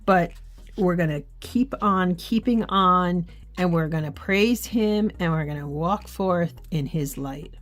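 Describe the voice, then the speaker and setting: A woman's voice: fairly low pitch, measured pace. A middle-aged woman talking earnestly and encouragingly in a devotional vlog, sometimes reading scripture aloud. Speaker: faith journaling vlogger. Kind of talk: heartfelt devotional chat.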